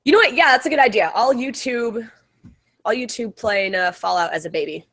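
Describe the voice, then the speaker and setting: A woman's voice: a little high, brisk, fairly bright tone. A woman from the American South with a Southern accent, chatting and telling a rambling game story with lots of giggles on a casual livestream call. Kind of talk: casual chat.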